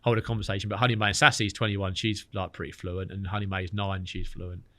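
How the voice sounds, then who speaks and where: Fast-talking, bright-voiced man telling stories. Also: low-pitched, level tone, no echo. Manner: chatty storyteller, lots of fillers. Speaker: podcast guest, angler. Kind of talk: casual chat.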